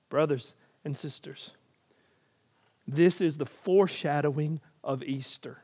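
A man preaching a sermon, telling the story dramatically and swinging from hushed lines to booming ones. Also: measured pace, slightly rough.

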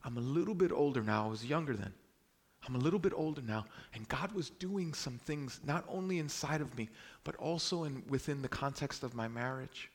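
Animated male preacher from Brooklyn. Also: mid-range voice, fairly quick. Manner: animated storytelling, swings between loud exclamations and hushed lines. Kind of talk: sermon.

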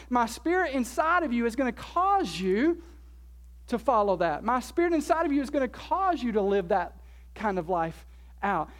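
Emphatic preacher repeating key words. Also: high-pitched. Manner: asks the congregation questions and answers them. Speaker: pastor. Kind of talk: sermon.

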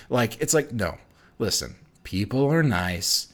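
A man hosting a casual fitness vlog. He gives strength-training advice in a chatty, animated way, full of fillers and restarts. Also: on the low side, unhurried. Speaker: fitness channel host.

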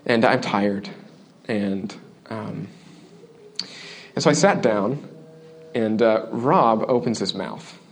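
A man's voice: slow, pauses often, a little hiss or hum. Earnest male pastor preaching. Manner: earnest and conversational, often asking "okay?"; shifts between loud emphasis and quiet, low asides. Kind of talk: sermon.

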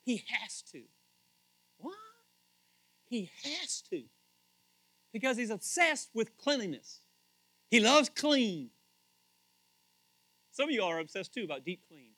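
A man preaching a sermon, animated and asking the congregation direct questions, moving from hushed asides to shouts. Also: high-pitched, a little slow, long pauses. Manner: talks straight to the congregation with questions. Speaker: pastor.

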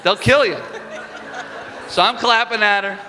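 A man preaching a sermon as pastor, telling stories with lively energy and building to fervent peaks. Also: sits high, measured pace, some chatter behind. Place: church sanctuary. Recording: reverberant hall with music behind.

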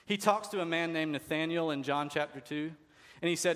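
A man's voice: a little high, fairly quick, a bit bright. A man preaching a sermon as pastor, talking conversationally and asking the congregation rhetorical questions. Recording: long hall reverb.

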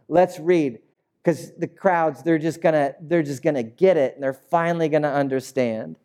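Male pastor preaching, warm voice a bit high, lively, acts stuff out. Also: moderate pace. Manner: animated, playful, acts out scenes. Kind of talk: sermon.

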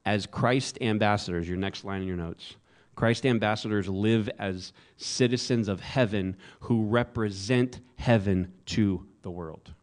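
Pastor, male, fairly low voice, casual and joking sermon delivery. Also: a little slow. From American South. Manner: conversational, joking asides.

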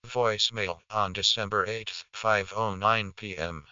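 A man reading timestamps slowly and flatly, like an automated voicemail announcer. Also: lowish voice, clear, resonant tone. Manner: slow and flat. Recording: dull, noisy lo-fi audio.

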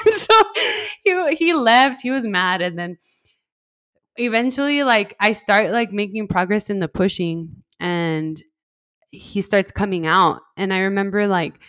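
A woman's voice: mid-range voice, no room sound. A young adult woman telling a personal story in a casual, chatty way, full of "like"s and acted-out quoted dialogue. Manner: chatty, many "like"s, animated quoted dialogue, laughs. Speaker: podcast host telling her birth story.

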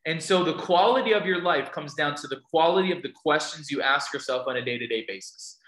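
Before a live crowd, a man delivers a motivational talk full of stories and questions for listeners. His voice is fairly high and a bit bright, his pace a little quick, in an echoey room on a low-quality recording.

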